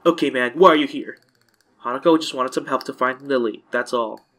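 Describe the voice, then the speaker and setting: A man's voice: mid-range voice, brisk, fairly bright tone, close to an everyday voice. A man reading aloud a paranoid, conspiratorial teenage schoolboy who speaks curtly and suspiciously. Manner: curt, suspicious, blunt. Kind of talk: reading game dialogue aloud.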